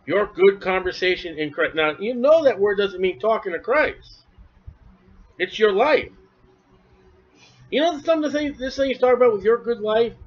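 High-voiced animated preacher, lo-fi. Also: male voice, moderate pace, pauses often. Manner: animated, acts out imagined voices, asides to the congregation. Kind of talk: expository sermon. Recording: dull lo-fi church recording.

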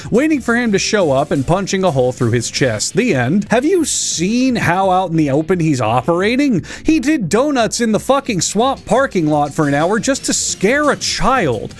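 A man reviews a comic in sarcastic, profane comedic commentary. His fairly high voice swoops up and down as he mocks the story and slips into silly parody voices. Faint music plays underneath.

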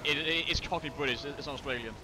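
A man's voice: a little high, noisy background. A man streaming a co-op game, chatting with friends in a stammering, sweary way. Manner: stammering, swearing, quick repetitions. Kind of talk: casual gaming chat with friends.

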